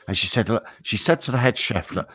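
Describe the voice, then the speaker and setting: A man's voice: lowish voice, a little fast. A man with an English accent, co-hosting a casual talk show and telling long rambling stories. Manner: rambling storytelling, animated. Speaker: co-host. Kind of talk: casual podcast banter.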